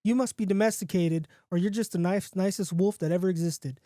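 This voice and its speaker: A man's voice: high-pitched, a little fast, no echo, clean studio sound, lightly acted. A man voicing a startled, folksy middle-aged man in his fifties who talks to a strange wolf on his way to the bar. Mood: folksy, coaxing. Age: 50s. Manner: folksy, excitable exclamations.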